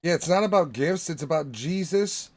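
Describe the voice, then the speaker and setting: A man's voice: fairly high pitch, expressive, normal speed. Profane joking podcast host, a man. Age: 30s. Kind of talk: casual crude banter.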